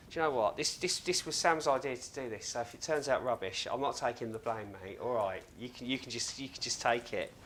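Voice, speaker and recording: A man's voice: mid-range voice, brisk, hardly any pauses, a bit bright, a little hiss or hum. A man hosting a casual cooking demonstration in a home kitchen, chatty and joking with self-mocking asides. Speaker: cooking show host.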